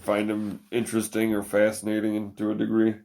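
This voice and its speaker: A man's voice: lowish voice, monotone, a little fast, vocal fry, darkish tone. A man co-hosting a podcast, trading crude, mocking banter in casual chat. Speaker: podcast co-host. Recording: noisy podcast audio.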